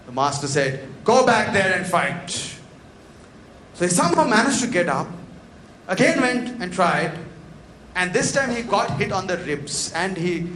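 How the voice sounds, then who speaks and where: A man's voice: sits high, very animated, normal speed, fairly bright tone. A man giving a motivational talk, telling a story dramatically and acting out its dialogue in a large event hall. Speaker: motivational speaker. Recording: echoey hall with faint noise.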